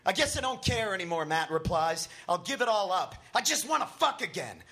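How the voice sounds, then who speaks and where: A man doing a crude, excited punk rocker. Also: high voice, a little fast, background noise. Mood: brash eager. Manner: loud, brash and eager.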